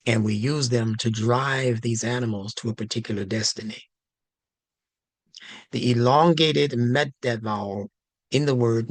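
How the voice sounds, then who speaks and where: Slow, deliberate male instructor. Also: mid-range voice, no echo. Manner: slow, deliberate, emphatic teaching. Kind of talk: religious language lesson.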